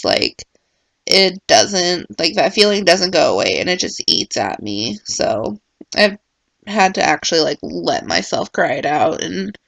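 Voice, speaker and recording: A woman's voice: medium pitch, creaky, fairly bright tone, dry recording. A young woman talking casually in a personal vlog, rambling and full of filler words. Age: young adult. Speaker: vlogger.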